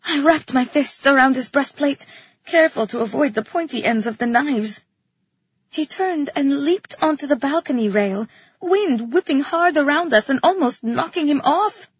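A woman with a breathy voice reading a first-person story as an audiobook narrator, tense and vivid, in a dull lo-fi recording. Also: sits high, expressive, moderate pace, no echo.

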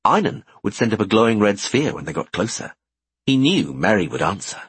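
Male audiobook narrator, low and breathy, very lively delivery. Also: fairly quick. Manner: expressive, animated. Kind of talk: scripted fantasy narration.

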